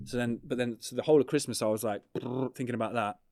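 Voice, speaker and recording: A man, a documentary filmmaker, talking in a relaxed, rambling way on a casual podcast, full of fillers and swearing. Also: mid-range voice, quick pace, dry recording, studio quality. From England.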